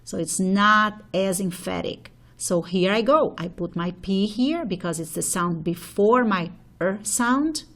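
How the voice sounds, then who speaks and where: A woman teaches a phonology lesson at an unhurried, measured pace. She walks through each example step by step, pausing to check in with her students. Her voice sits at an ordinary middle pitch. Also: a bit bright. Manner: slow, step-by-step explaining with frequent "okay?" checks.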